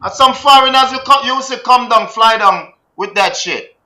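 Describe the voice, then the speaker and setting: Jamaican man, high bright voice, animated rant, patois-laced host talk. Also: normal speed, rough recording. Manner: animated, ranting, patois-laced, repeats words. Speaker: podcast host. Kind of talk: heated casual commentary.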